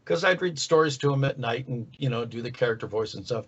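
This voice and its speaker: An older man, a voice actor, chatting in an easygoing, relaxed way in an interview. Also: mid-range voice, fast, hardly any pauses, husky. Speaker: guest voice actor. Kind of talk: casual interview chat. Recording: dull lo-fi sound.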